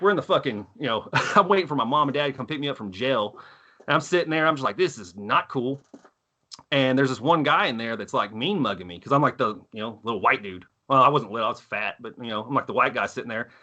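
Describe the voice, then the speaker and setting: A man in his thirties from Texas, telling stories on a podcast, profane and animated as he acts out quotes. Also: mid-range voice, fast talker. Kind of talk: casual storytelling chat.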